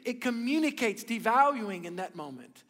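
A pastor preaches a sermon in a high voice, swinging between loud emphasis and quiet, intimate asides. His words ring out with a long reverb through the church. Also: big pitch swings, moderate pace.

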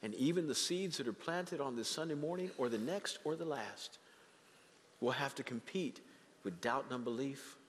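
A man preaching a sermon as pastor of his church, animated and acting out the voices of the people he quotes. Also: medium pitch, big-room sound, a little hiss or hum. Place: church sanctuary.

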